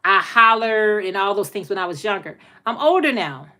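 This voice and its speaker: Middle-aged woman, livestream host, casual chat, bright sharp voice, repeats herself, folksy. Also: mid-range voice, big pitch swings, normal speed. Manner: talkative, repeats her phrases, folksy.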